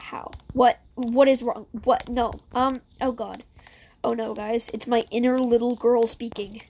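A woman's voice: on the high side, steady tone, unhurried, darkish tone. A woman giving casual gameplay commentary in a chatty, sarcastic way with muttered asides. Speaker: gameplay streamer.

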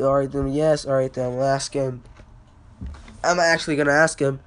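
A sick teenage boy coughs his way through a loose, rambling podcast monologue. His voice sits a little high for a guy, and he swears and stumbles through fillers as he talks. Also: steady tone, moderate pace, pauses often, slight background noise. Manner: rambling, profane, filler-heavy. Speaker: podcast host.

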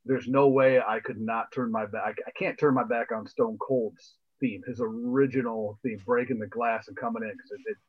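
A man's voice: mid-range voice, steady tone, normal speed, few pauses, breathy edge, lo-fi sound. A man co-hosting a podcast in casual chat, laid-back and repeating phrases while he thinks. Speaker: podcast co-host.

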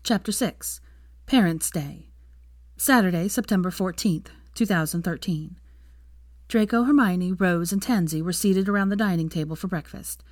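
A woman narrating a fanfiction audiobook with a steady, measured reading. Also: fairly low pitch, no room sound, clean studio sound. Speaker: fanfiction reader.

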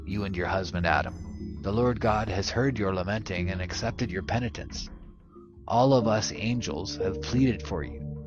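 A man's voice: on the low side, natural voice. A man reading as the devil, a bitter fallen angel. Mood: coaxing. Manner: bitter, self-pitying, deceitful. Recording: muffled podcast audio with music behind.

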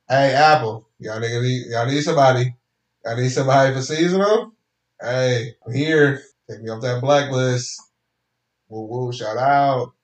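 A man hosting a casual solo podcast from his home office, rambling and cursing with sudden animated outbursts. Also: medium pitch, moderate pace. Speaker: podcast host. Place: home office, spare room. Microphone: home podcast mic, computer recording. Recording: echoey room.

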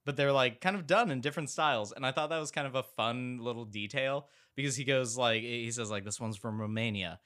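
A man's voice: mid-range voice, brisk, hardly any pauses, a bit bright. A man co-hosting a film podcast, chatting casually with many fillers and frequent laughter. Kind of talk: casual chat.

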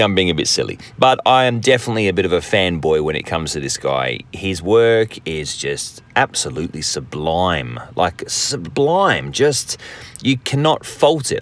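An Australian man hosts a podcast in a casual, rambling monologue, full of jokes and self-mockery. His voice sits a little low. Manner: rambling, jokey, self-deprecating, many fillers and restarts. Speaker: podcast host.

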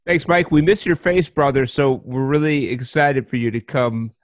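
A man's voice: medium pitch, normal speed, background noise. A man hosting a recovery podcast, talking in an upbeat, enthusiastic way. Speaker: podcast host.

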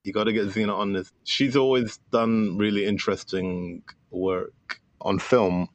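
A man's voice: on the low side, steady tone, measured pace, no echo. A man guest on a podcast, talking casually and enthusiastically with many fillers about his film. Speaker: filmmaker guest.

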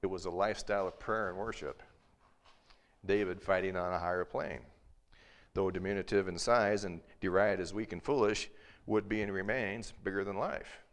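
A man preaching a sermon in church, telling a story with acted quotes and building to forceful emphasis. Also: sits low, fairly even intonation, moderate pace, poor audio. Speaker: pastor. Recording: faint hiss.

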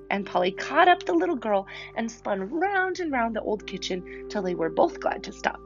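A woman narrating a storybook in an expressive, animated reading voice. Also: a little high, normal speed, few pauses, dull audio, over music. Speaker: audiobook reader.

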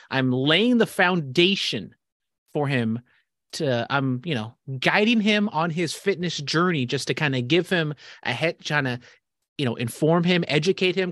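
A man co-hosting a casual podcast chat, teasing his friend and explaining himself in quick bursts. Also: a little high, a bit bright, no echo, studio quality. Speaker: podcast co-host.

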